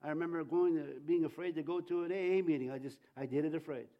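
A man's voice: fairly high pitch, fairly even intonation, quick pace, dull audio. A male preacher delivering a sermon with fervour, leading the congregation to repeat lines after him. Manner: fervent, leads congregation in call-and-response.

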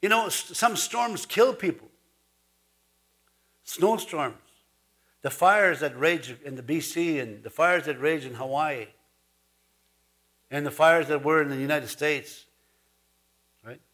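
A man's voice: fairly high pitch, slow pace, pauses often, fairly bright tone. A man preaching a sermon in a folksy, chuckling way, rising to emphatic points. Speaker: pastor.

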